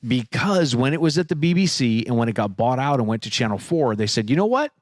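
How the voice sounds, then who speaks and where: A man's voice: mid-range voice, brisk, no echo, clean studio sound. A man co-hosting a podcast in casual, playful chat, joking around with his co-host. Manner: jokey, playful banter.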